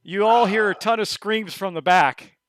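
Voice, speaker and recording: Game master, male, high bright voice, halting narration, dry close mic. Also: no echo. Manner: halting, with many restarts and acted quotes. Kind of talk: narrating a tabletop horror game.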